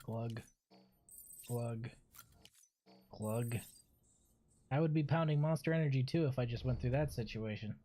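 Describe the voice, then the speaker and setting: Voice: mid-range voice, fast talker, few pauses, dark tone. A streamer giving casual, joking commentary while playing, chatting along and talking to a pet.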